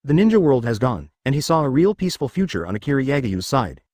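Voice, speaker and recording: A man narrating a fan-fiction story in a steady scripted reading. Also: mid-range voice, quick pace, dry recording, clean studio sound.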